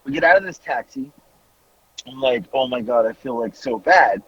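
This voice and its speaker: A man, a podcast host telling a story in a casual, animated way, laughing and swearing freely. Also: medium pitch, moderate pace, breathy edge, lo-fi sound.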